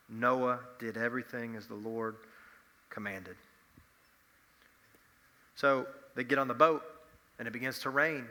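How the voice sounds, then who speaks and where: A man preaching a youth sermon, telling the story with lively energy and acting out imagined voices. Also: mid-range voice, long reverb tail. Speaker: youth pastor.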